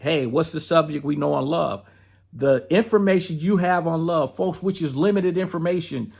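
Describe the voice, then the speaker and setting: Male podcast host, gravelly and husky, chatty motivational talk that calls listeners "folks". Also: a little high. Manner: conversational, addresses listeners as folks, acts out inner dialogue.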